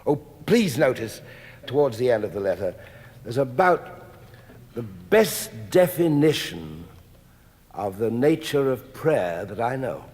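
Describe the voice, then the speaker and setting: A man of middle pitch performs a spoken-word reading in a large hall, the sound carrying a long reverb. He chats easily between pieces, then slows to a hushed, measured delivery with long pauses. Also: very animated. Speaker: stage reader.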